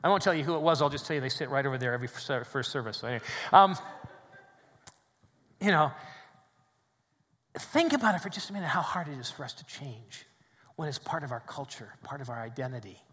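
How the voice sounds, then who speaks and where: A man preaching a sermon in a church, swinging between loud emphatic peaks and quiet, low drops. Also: animated, fairly quick, pauses often, long reverb tail. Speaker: pastor. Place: church sanctuary with congregation.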